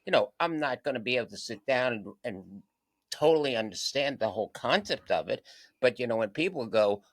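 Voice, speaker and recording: A man chatting as a guest on a local TV talk show, telling anecdotes with lively energy. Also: mid-range voice, brisk. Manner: animated anecdotal storyteller. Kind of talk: casual chat, storytelling. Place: local TV studio.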